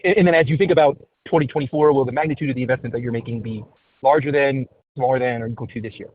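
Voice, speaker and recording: Fast-talking male analyst on the phone. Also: mid-range voice, steady tone, no room sound. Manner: rapid, precise multi-part questions. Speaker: analyst caller. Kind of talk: earnings call questions. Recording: dry tinny phone line.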